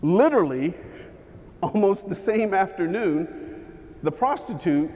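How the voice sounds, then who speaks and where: A man giving a motivational keynote, telling a personal story with dramatic pauses and shifts in pace. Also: high voice, animated, a little mellow, big-room sound. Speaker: keynote speaker. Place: large hall with an audience.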